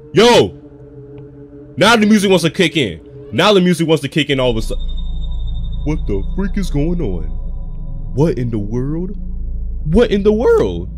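A man playing a horror game and reacting out loud. He talks in a slangy, jumpy way and shouts and yelps whenever something startles him. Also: on the high side. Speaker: gaming video creator.

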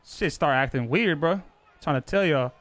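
A young man with a high, light voice streams a football video game and talks straight to his chat. He is brash and profane, quick to get defensive and brag about his record. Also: a bit bright, no echo. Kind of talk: casual live-stream talk to chat.

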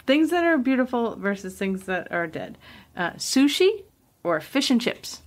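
A woman's voice: on the high side, big pitch swings, unhurried. A young woman running a quiz segment on a podcast in casual chat, bubbly and giggly.

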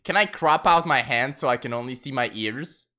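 Animated, bright-voiced male streamer. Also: normal speed. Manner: swears a lot, jumps to shrill outbursts. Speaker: live streamer. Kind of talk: casual live stream chat.

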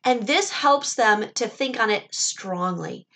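A woman telling a Bible story to children in an animated, expressive way, pausing to explain words and add asides. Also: on the high side.

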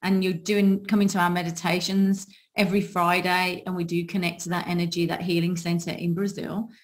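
A woman's voice: fairly low pitch, level tone, fairly quick. Affirming woman hosting a spiritual podcast. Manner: reflective, affirming, talks of energy and angels. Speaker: podcast host. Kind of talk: spiritual conversation.

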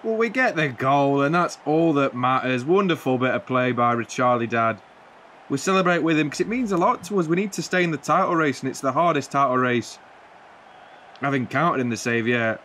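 A man's voice: mid-range voice, lively intonation, a little fast, fairly bright tone, slight background noise. A man giving rambling, jokey play-by-play commentary on a football video game, breaking into mock-commentator flourishes. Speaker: gaming channel host.

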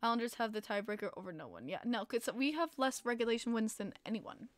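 A young woman with a New York accent, chatting casually with her live-stream audience as host, excitable and profane, laughing often. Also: on the high side, fast, no echo.

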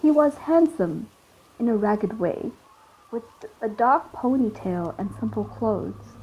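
A woman narrating a first-person audiobook story in a wry, lively way. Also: a little high, takes it slowly. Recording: dull lo-fi with loud noise.

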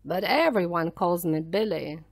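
A proud ghost pirate from a children's storybook holds forth in a loud, slow, drawn-out voice, as a woman puts him on. His lines rise and fall widely. The sound is dry and close. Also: lowish voice, expressive, vocal fry, dry recording, pitched below the performer's own voice, heavily acted. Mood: storytelling.

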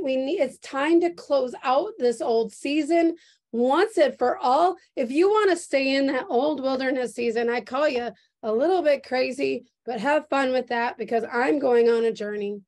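Heard through a video call, a woman pastor preaches a prophetic sermon at a church service, her voice fairly high with a darkish tone. Her pace is unhurried, her emotion earnest, and she keeps circling back to repeated phrases.

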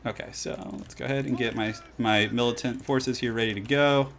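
A man's voice: medium pitch, steady tone, fairly quick, fairly bright tone. A man casually chatting while streaming a strategy game, laid-back and laughing often, trailing off into fillers. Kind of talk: casual gaming stream chat. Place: home, California.

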